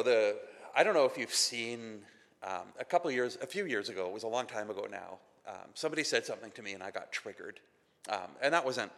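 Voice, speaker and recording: A Canadian pastor preaches with a bright, forceful tone, slipping into conversational, self-deprecating stories and acting out other people's lines. His voice rings out into a large hall with a long reverb tail behind every phrase. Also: mid-range voice. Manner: conversational, self-deprecating storytelling with acted quotes. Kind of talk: sermon.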